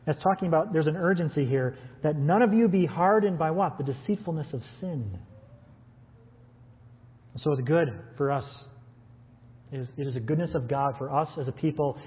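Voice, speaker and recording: A man preaches a sermon in an earnest, conversational way, asking rhetorical questions. His voice sits a little high for a man. The sound is thin and phone-like, with a long hall echo. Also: normal speed, long pauses. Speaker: pastor. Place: church with stream audience.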